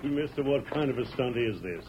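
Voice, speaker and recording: A man voicing a stubborn, gruff wagon master with a folksy frontier drawl and a skeptical edge. His voice sits in a middle register. Heard through a dull radio recording with faint hiss. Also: medium pitch, expressive, a little fast, lightly acted. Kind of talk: 1930s radio drama acting.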